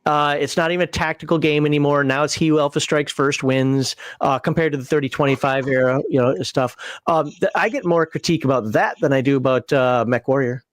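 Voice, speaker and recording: A man's voice: a little high, steady tone, no echo. A man with a Minnesotan accent hosting a call-in livestream, talking casually, rambling and correcting himself as he goes. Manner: rambling, self-correcting, quick to laugh. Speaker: livestream host.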